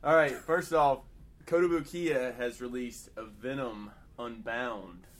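A male podcast co-host running through a list of news items with plain enthusiasm. He speaks at an ordinary pitch. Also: takes it slowly, a bit bright.

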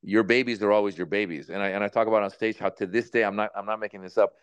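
Male comic, 50s, low smooth voice, chatty storyteller. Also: rapid-fire, no echo, lo-fi sound. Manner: animated, acts out voices in anecdotes. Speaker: comedian guest. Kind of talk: relaxed interview storytelling.

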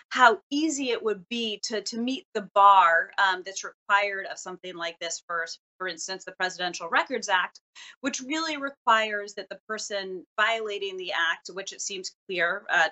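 A woman reporter explaining her reporting in an interview, articulate and brisk, sometimes correcting herself mid-sentence. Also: mid-range voice, sharp tone. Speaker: news reporter. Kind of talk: news interview answers.

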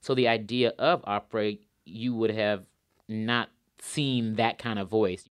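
A man's voice: lowish voice, fairly even intonation, measured pace, smooth, dry recording, clean studio sound. A man, an opera singer, answering interview questions in an earnest, thoughtful way and repeating words for emphasis.

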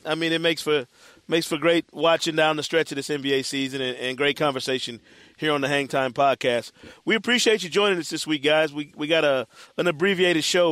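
A man's voice: on the high side, fairly bright tone, clear, resonant tone, no room sound. Laid-back male podcast host. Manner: laid-back, lots of "you know" fillers. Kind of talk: casual basketball podcast chat.

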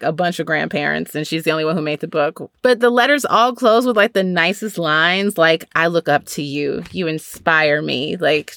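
Bright-voiced woman telling a story. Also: deep voice, gravelly, no echo, studio quality. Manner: animated storytelling, acts out quotes. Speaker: podcast co-host. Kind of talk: casual chat.

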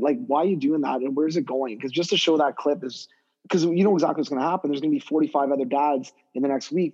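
A man, a guest hockey skill development coach, talking casually on a podcast in a rambling, animated way full of fillers and restarts. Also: mid-range voice, husky, highs cut off.

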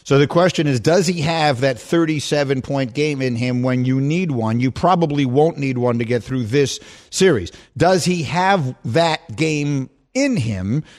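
A man hosting a sports talk radio show, chatting casually, teasing his guests and laughing easily. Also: medium pitch. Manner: animated, quick to laugh and tease.

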